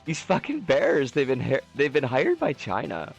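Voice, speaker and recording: A man's voice: huge pitch swings, moderate pace, creaky, dull audio, soft background music. A man streaming a game, chatting in a rambling, jokey way. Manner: rambling, jokey, swoops in pitch. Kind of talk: casual game-stream chat.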